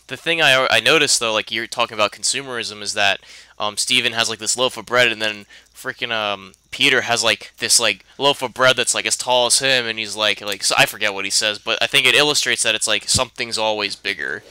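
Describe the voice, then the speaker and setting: A man's voice: lowish voice, steady tone, brisk, sharp tone, clean tone, no room sound, low-quality recording. A young man co-hosting a podcast, chatting eagerly about a film with lots of fillers. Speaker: podcast co-host. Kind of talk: casual film discussion.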